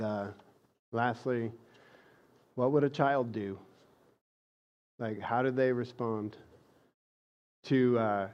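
A man's voice: medium pitch, dull audio. A man preaching a sermon in a conversational way, growing emphatic when he reads scripture aloud. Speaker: pastor.

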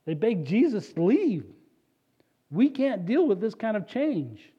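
A man preaching a sermon as a pastor, animated and conversational, with casual asides to the congregation. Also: high voice, unhurried, husky. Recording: dull lo-fi recording.

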